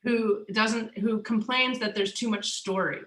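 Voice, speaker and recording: A woman's voice: a little high, fairly even intonation, measured pace, reverberant, background noise. A woman chef and author talking casually as a guest, joking, laughing often and trailing off into restarts. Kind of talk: casual conversation on stage.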